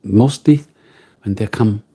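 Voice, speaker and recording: A German-accented man chats to his live-stream viewers from home, taking his time and greeting them one by one. His voice sits low and carries a dark, husky softness, and he lingers over his words. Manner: slow, musing, greets viewers by name. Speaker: livestream host. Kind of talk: casual live-stream chat.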